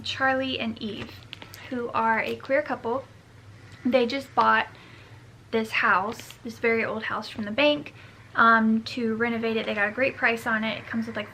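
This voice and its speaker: A woman's voice: fairly high pitch, gravelly, pushed and bright, a little hiss or hum. A young woman chatting casually in a reading vlog, rambling and scattered, with self-mocking asides, filmed on a camera mic at home. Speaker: book vlogger.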